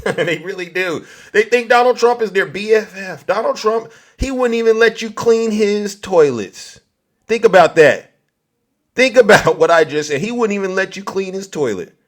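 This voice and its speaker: Guy with a high voice going off on his livestream, mocking and loud. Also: expressive, normal speed. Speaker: livestream host. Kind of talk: political livestream commentary.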